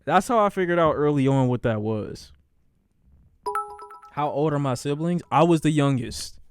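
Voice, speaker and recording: Animated high-voiced man telling a story. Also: moderate pace, faint music behind. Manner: animated, profane, acts out quoted voices. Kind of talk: casual livestream storytime.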